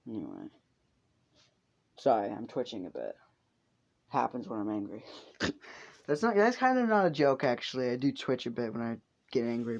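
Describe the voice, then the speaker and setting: A man with a medium-pitched voice, vocal fry and a darkish tone narrates an improvised fan story, rambling along with plenty of fillers and swearing. The recording is muffled and lo-fi.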